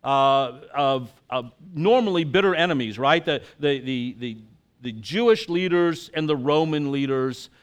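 A man's voice: medium pitch, measured pace, clean tone, highs cut off. A man reading scripture aloud with dramatic emphasis, then preaching casually to a congregation. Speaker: pastor.

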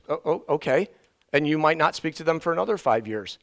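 Animated gravelly-voiced male pastor. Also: on the high side, brisk. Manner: animated, swings from soft asides to shouting. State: out of breath. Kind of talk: sermon. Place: church sanctuary.

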